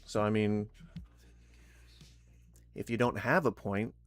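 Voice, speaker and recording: Low-voiced male stream host from Florida, rambling and blunt, dry close sound. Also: steady tone, slow, no room sound. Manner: rambling, many fillers and restarts; blunt, swears freely. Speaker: livestream host. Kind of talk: casual livestream chat. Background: faint music.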